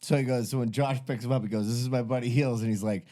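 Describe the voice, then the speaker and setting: A man's voice: medium pitch, fairly even intonation, fast talker, dark tone. A man hosting a podcast, casually prompting his guest to tell stories. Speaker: podcast host. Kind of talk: casual chat.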